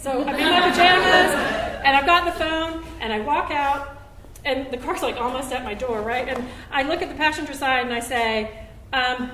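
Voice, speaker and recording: On stage at a benefit show, a high-voiced woman recounts a true story at a moderate pace, performing every quote with abrupt leaps in pitch and volume. Her sharp, bright voice rings through the echoey venue, picked up from a distance over faint room noise.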